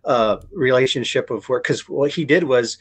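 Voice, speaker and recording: A novelist appears as a guest on a casual podcast, telling a story in a rambling way full of restarts and repeated words. His voice sits at medium pitch, moves at a moderate pace, and has a slightly rough edge.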